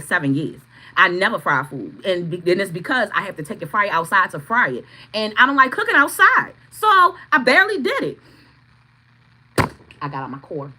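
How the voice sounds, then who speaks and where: Middle-aged woman, crisp and bright tone, swears freely, casual live-stream storyteller. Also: mid-range voice, poor audio. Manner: profane, blunt, laughing storyteller; greets chat viewers by name. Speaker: tarot reader streaming live.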